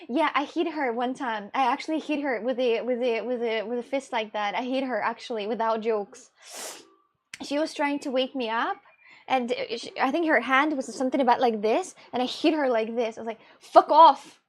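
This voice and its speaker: A woman's voice: a little high, brisk. Blunt young woman. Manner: blunt, rambling, laughs often. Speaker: streamer. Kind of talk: casual live-stream chat, reading chat aloud.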